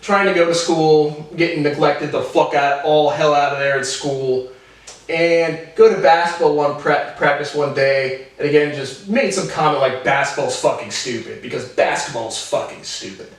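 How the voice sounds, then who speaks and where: A man in his twenties giving a rambling, profane personal monologue to camera, jumping between animated tangents. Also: on the high side, moderate pace. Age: 20s. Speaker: vlogger. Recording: very echoey room, voice far from mic.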